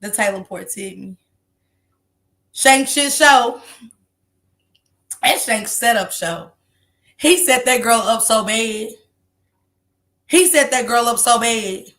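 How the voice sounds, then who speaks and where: This livestream host speaks unhurriedly in a high, bright and sharp voice, gossiping and laughing profanely during casual commentary. She rambles on, apologizes, and repeatedly cracks herself up.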